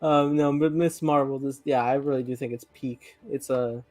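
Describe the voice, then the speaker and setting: Male podcast host, mid-pitched, easygoing, jokey, casual profanity. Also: steady tone, moderate pace, darkish tone, soft background music. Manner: laid-back, jokey, swears freely. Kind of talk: casual chat.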